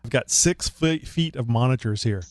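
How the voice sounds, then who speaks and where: A man's voice: medium pitch, moderate pace, no echo, studio quality. A man co-hosting a podcast in casual chat, joking and rambling while he fiddles with his setup. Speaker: podcast co-host.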